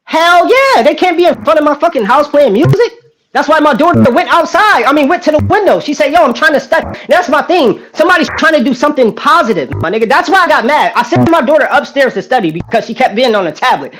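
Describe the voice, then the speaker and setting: High-pitched, emphatic man ranting. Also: sing-song, fast talker, a bit bright, slight background noise. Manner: emphatic, swearing, repeats himself. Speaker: panelist on a sports stream. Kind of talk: heated casual panel talk. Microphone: online stream panel.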